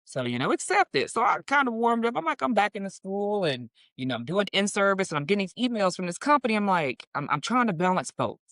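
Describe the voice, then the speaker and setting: A middle-aged woman tells a personal story in a relaxed, chatty way, and her pitch swings widely as she acts out other people's lines. Her voice sits at a middle pitch and sounds close and dry, with no room around it. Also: fast, few pauses, no echo. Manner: animated, acts out quoted voices. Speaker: guest teacher. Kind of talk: casual storytelling in conversation.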